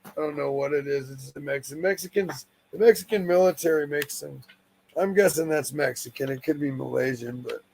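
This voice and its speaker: A man's voice: mid-range voice, vocal fry, warm tone, slight background noise, poor audio. A man from the United States, a guest on a stream, talking in a profane, rambling and blunt way. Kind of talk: casual stream chat.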